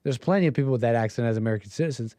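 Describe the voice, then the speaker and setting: A man's voice: medium pitch, rapid-fire, dark tone, no echo. A man hosting a livestream, giving opinionated, mocking political commentary. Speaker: livestream host.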